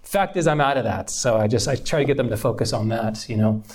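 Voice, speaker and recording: Young man, candid storytelling testimony, mid-pitched, loose and earnest. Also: fast talker, darkish tone. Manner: casual, earnest, many fillers and restarts.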